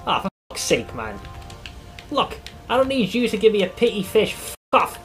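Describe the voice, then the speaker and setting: A man streaming a game, commenting live, swearing often and yelling when startled. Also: high voice, sing-song, normal speed, music in the background.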